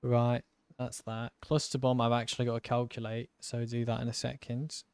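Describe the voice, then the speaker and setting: A young male streamer with a gravelly, creaky edge that still comes through smooth and clean. He talks slowly and loosely, thinking out loud over numbers and dropping the odd swear word. The sound is dry and close, with no room around it. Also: mid-range voice, monotone, no echo. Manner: thinks aloud, swears casually, mutters through sums. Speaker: gaming streamer. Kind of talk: casual game commentary while testing.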